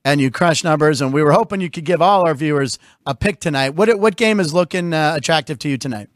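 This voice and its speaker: A man hosting a casual sports talk show, chatty and jokey with quick asides. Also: a little high, dry recording. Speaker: host.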